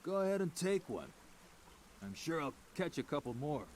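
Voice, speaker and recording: An actor playing a gruff, sardonic fisherman in a game, with a put-on accent and a folksy manner. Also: a little high, big pitch swings, normal speed, darkish tone, a little hiss or hum. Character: gruff middle-aged male fisherman. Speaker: game character.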